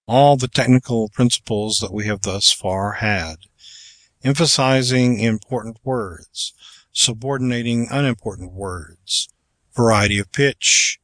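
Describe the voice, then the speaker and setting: A man reading aloud from a public speaking manual as scripted narration, working through numbered exercises in a measured, even way. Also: on the low side, no echo. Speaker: audiobook reader.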